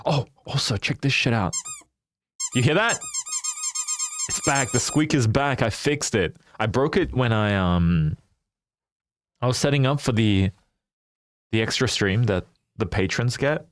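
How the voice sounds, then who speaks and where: A man's voice: mid-range voice, animated, unhurried, pauses often, a little hiss or hum. A young man live-streaming a game, chatting casually and animatedly with his viewers and laughing often.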